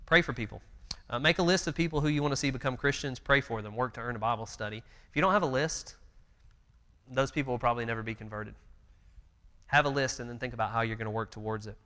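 In a church meeting room, a man in his thirties leads a Bible class earnestly and conversationally, using plenty of fillers. His medium-pitched voice is bright and forward, moving at a quick pace amid the long reverb of a church hall.

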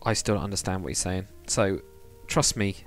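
Faint music plays behind a low-pitched man talking at normal speed. He's a streamer building in a game, chatting loosely with his audience, wandering off topic and laughing often.

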